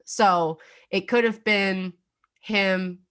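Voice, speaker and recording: A woman's voice: medium pitch, fairly even intonation, very slow, a bit bright, clear, resonant tone. A young adult woman co-hosting a casual true-crime podcast, chatty and full of fillers, laughing now and then. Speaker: podcast co-host.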